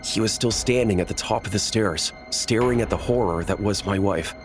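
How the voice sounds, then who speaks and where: A man narrating a first-person horror story in a measured, tense storytelling manner. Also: on the low side, music in the background.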